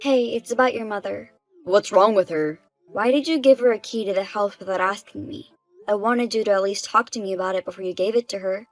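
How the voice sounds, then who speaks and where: Woman as a wronged wife, mid-pitched, plain delivery, faint music under. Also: fairly quick, low-quality recording. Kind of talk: dubbed story drama narration.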